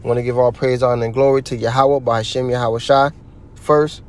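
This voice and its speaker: A man's voice: mid-range voice, flat delivery, a little fast, clear, resonant tone. A man giving heated religious commentary, ranting in a profane, preachy way.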